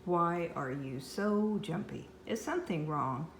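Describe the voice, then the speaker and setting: A woman's voice: low-pitched, lively intonation, measured pace, slight background noise. An older woman voicing a playful storybook mother with a cheerful motherly tone. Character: playful storybook mother who loves monster tales. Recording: echoey room.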